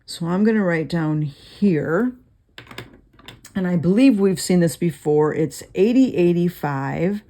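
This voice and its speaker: A woman's voice: fairly low pitch, lively intonation, warm tone. A woman leading a casual Bible study, reading verses aloud and thinking through word meanings with frequent fillers. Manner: unhurried with frequent fillers and restarts.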